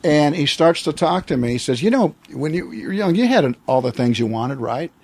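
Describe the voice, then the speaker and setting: A man's voice: on the high side, expressive, a little fast, a little mellow, no echo. A man in his sixties from the United States, telling a personal story as an interview guest, reflective and rambling with many restarts. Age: 60s.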